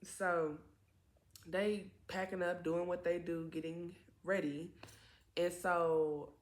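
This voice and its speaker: A young woman telling a personal story in casual chat, animated and profane, jumping into higher voices to act out what others said. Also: takes it slowly, roomy sound. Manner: animated, profane, acts out quotes in raised voices. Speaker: vlogger.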